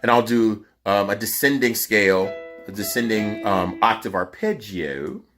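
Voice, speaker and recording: A man's voice: fairly low pitch, a little slow, loud music behind the voice. A man teaching singers a vocal cooldown in a casual, emphatic way, his voice sounding tired. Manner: emphatic, instructive. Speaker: vocal coach.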